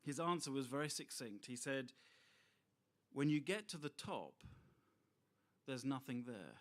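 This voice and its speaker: A middle-aged man preaching a sermon, expressive and full of rhetorical asides to his listeners. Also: mid-range voice, measured pace.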